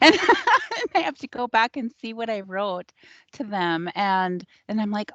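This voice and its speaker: A woman's voice: medium pitch, unhurried, a bit bright, dry recording, muffled recording. Bubbly woman radio host. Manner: bubbly, laughs often. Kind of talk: casual radio chat.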